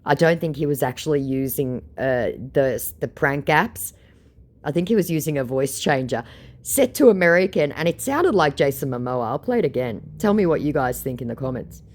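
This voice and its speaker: A woman's voice: very deep voice, animated, normal speed, a little mellow. An Australian woman narrating chats with scammers in a sarcastic, mocking way. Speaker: scambaiter host. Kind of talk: storytelling commentary, reading out chats.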